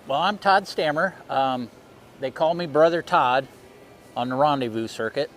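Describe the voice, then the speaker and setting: A man's voice: on the high side, moderate pace, a bit bright, slight background noise. Easygoing middle-aged man. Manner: easygoing, plain-spoken storyteller. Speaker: guest, historical reenactor. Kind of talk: casual interview.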